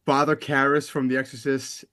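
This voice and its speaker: A man co-hosting a podcast, talking in a casual, animated and profane way with film-nerd enthusiasm. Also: mid-range voice, normal speed. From United States. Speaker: podcast co-host. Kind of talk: casual chat.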